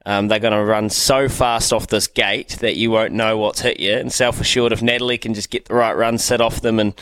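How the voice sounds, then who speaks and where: A man's voice: lowish voice, steady tone, brisk, fairly bright tone, no echo. A man hosting breakfast radio, talking enthusiastically and steering the show. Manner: enthusiastic, upbeat show-running. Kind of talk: casual radio chat.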